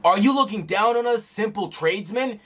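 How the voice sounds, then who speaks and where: A man's voice: high-pitched, expressive, moderate pace, fairly bright tone, pitched above the performer's own voice. A man voicing an indignant, pleading male traveling peddler with a whiny, protesting manner.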